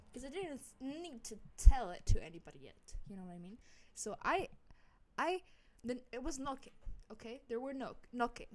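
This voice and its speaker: A woman's voice: medium pitch, a little mellow, slight background noise. A young woman in her home office telling a casual story-time tale into a desk microphone, rambling and swearing freely with lots of "like". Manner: rambling, swears a lot, heavy use of "like". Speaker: vlogger. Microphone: studio microphone at desk.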